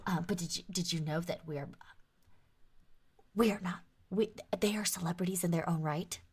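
A woman's voice: on the low side, steady tone, fast, breathy edge. A woman voicing an earnest, anxious young woman pleading with her brother, stammering and restarting as she insists. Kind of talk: tabletop role-play acting.

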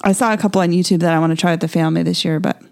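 A woman co-hosting a marriage podcast, explaining a party game in a steady, upbeat way. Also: lowish voice, rapid-fire, vocal fry. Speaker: podcast co-host. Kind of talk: casual chat.

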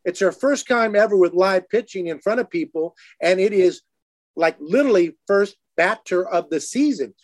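Animated high-voiced man telling stories. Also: moderate pace, no room sound, clean studio sound. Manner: animated, acts out quotes in lively higher voices. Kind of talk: casual storytelling chat.

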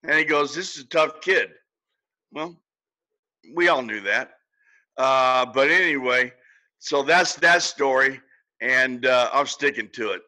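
A man's voice: mid-range voice, unhurried, long pauses, sharp tone, low-quality recording. An older man, a podcast guest, telling a long personal story in a folksy, casual way with chuckles.

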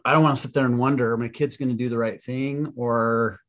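A man's voice: medium pitch, fairly even intonation, fairly quick, fairly bright tone. Wry, jokey man co-hosting. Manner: wry, jokey, self-deprecating. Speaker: podcast co-host. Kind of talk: casual podcast conversation.

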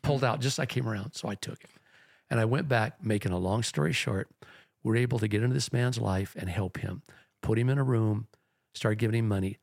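A man with a gravelly voice and a little vocal fry, recounting an old ministry story as a pastor. He wanders and restarts as he goes, earnest and plain-spoken, close and dry on the mic. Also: fairly low pitch, a little fast, darkish tone, no echo. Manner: rambling, earnest anecdote telling. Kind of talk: storytelling in a podcast chat.

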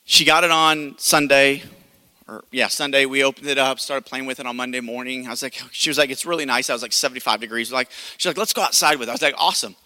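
A man in his thirties preaching a sermon, telling a personal story in an animated way and acting out the voices. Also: medium pitch, fast talker. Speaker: pastor. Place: church hall. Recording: long hall reverb.

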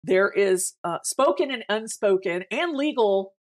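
A woman's voice: mid-range voice, animated, a little slow. A woman co-hosting a podcast in casual chat, blunt and opinionated, often restarting her sentences.

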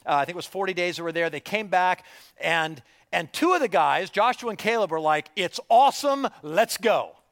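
Man, pastor, sermon storytelling, high-pitched, animated, loud-to-hushed swings. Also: fairly quick.

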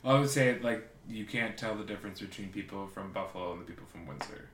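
A man's voice: fairly low pitch, fast, fairly bright tone. A man chatting casually as a podcast co-host, teasing and arguing back. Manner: teasing, argumentative. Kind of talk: casual chat. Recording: echoey room with faint noise.

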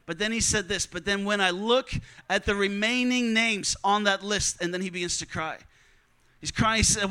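A male missionary preacher delivering an earnest sermon to young students, telling stories and repeating his key lines for weight. His voice sits high and bright, with a crisp, clear tone. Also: moderate pace.

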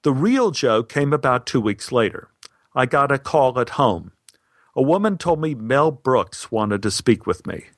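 A man's voice: mid-range voice, unhurried, dry recording, clean studio sound. Wry man telling a personal story. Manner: wry, deadpan humor.

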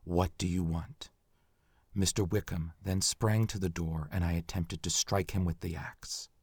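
A man reading aloud, in a quiet, subdued voice, the confession of a convicted axe murderer from the 1800s. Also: sits low, steady tone, a little slow, breathy edge, no room sound, pitched below the performer's own voice. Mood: grim.

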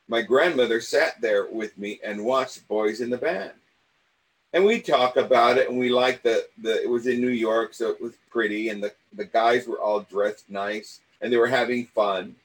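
A man's voice: mid-range voice, low-quality recording. Older man telling rambling life stories. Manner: rambling, animated, acts out quoted voices. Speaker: storyteller. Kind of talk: personal anecdote storytelling.

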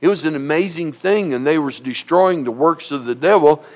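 Impassioned male pastor, high-pitched. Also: moderate pace. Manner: emphatic, repetitive preaching with rising shouts. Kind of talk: sermon.

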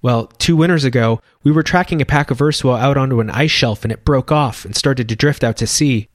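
A bright, eager young boy castaway, raised a little higher and earnest in his telling, as a male storyteller puts him on. The sound is close and dry, with no room around it. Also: fairly quick, no echo, natural voice.

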